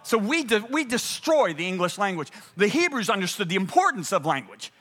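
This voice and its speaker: A male preacher delivering a sermon, swinging between loud urgent peaks and hushed, low passages. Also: big pitch swings, brisk.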